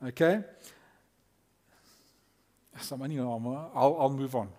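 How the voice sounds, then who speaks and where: A man preaching a lively, conversational sermon as a pastor, acting out quotes. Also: medium pitch, slow.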